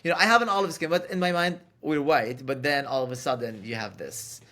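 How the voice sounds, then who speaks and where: A man with a Lebanese accent, a podcast guest talking in a relaxed, animated way with frequent restarts. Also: a little high, brisk. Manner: animated storyteller, many restarts. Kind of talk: casual conversation.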